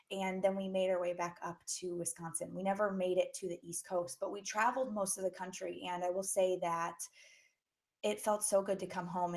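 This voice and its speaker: A young woman hosting a live webinar from home, chatting casually into her own microphone, friendly and full of fillers as she greets viewers by name. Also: lowish voice. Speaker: webinar host. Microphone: own microphone on a live stream.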